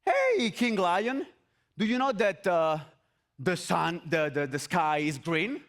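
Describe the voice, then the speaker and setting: A man voicing a stubborn, teasing donkey in a spoken fable, drawing his words out slowly. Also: high voice, very animated, a bit bright, full character voice.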